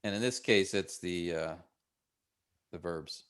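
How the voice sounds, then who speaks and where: A man teaching a workshop for pastors, explaining a text step by step in an unhurried way with frequent restarts. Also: low voice, fairly bright tone, smooth. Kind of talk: relaxed classroom teaching.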